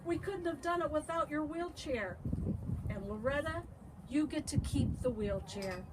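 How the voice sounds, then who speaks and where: A woman's voice: sits high, expressive, unhurried, distant mic, voice pushed up. A woman voicing a stern father in a storybook who lays down the rules. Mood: firm. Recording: loud background noise.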